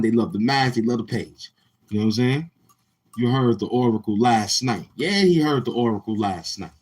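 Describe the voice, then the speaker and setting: A man's voice: mid-range voice, slightly rough, low-quality recording. A man hosting a casual livestream, talking in brash, heckling, slang-heavy banter. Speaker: live-stream host.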